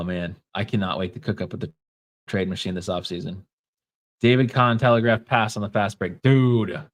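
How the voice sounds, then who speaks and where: A man with a Minnesota accent hosting a casual livestream, talking in a wry, offhand way and reading comments from the chat aloud. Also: mid-range voice. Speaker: podcast host.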